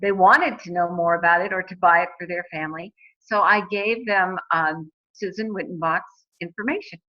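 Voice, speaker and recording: A woman's voice: on the low side, steady tone, normal speed. A woman in her forties, telling her own story in a chatty way, with many fillers and restarts. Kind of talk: casual personal testimonial. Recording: dull lo-fi recording.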